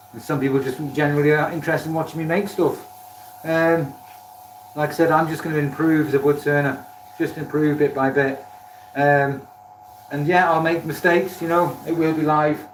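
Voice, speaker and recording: A man's voice: medium pitch, a little hiss or hum. A man chatting casually on a live stream from his home workshop, self-deprecating and thanking viewers by name as he works. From Wales. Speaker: woodturning livestreamer. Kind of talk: casual live-stream chat while working. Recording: echoey workshop, mic at a distance.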